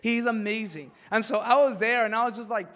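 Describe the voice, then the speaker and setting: A male pastor telling a personal story in a sermon. He talks in an animated way full of "like" and repetition, and drops to a hushed, earnest tone for serious points. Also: sits high, brisk, long reverb tail. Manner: animated, excitable storytelling with many "like" fillers.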